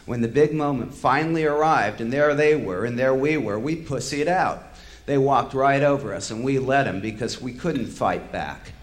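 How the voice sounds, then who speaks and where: A man giving an impassioned spoken-word monologue, bitter and sardonic, swearing freely and building to angry outbursts. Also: lowish voice. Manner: heated, swelling to angry outbursts.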